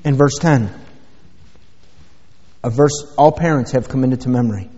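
In a church sanctuary, a pastor delivers a sermon at a slightly slow pace, his medium-pitched voice mellow. Emphatic, he hammers his points with rhetorical questions, captured in dull lo-fi sound with lengthy church reverb.

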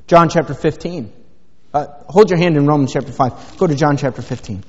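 Folksy middle-aged pastor in a hall. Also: male voice, a little high, brisk, husky. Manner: rambling, folksy, many fillers. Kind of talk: sermon. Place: church sanctuary. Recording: dull sound with long hall reverb.

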